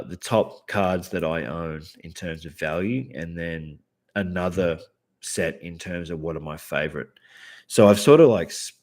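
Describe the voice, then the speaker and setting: A man's voice: deep voice, a little mellow. A man in his thirties with an Australian accent, chatting casually to camera about his cards, laid-back and swearing freely. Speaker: card collector and channel host.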